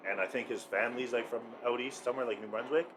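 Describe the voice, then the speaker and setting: Fast-talking man in casual podcast chat. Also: medium pitch, fairly even intonation, background noise. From Canada. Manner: fast, profane, joking. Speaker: podcast co-host.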